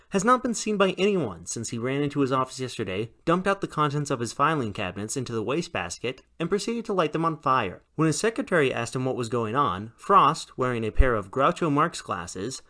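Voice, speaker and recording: A man's voice: medium pitch, sharp tone. A man hosting a mock college radio news broadcast, reading the stories in a straight-faced newsreader manner.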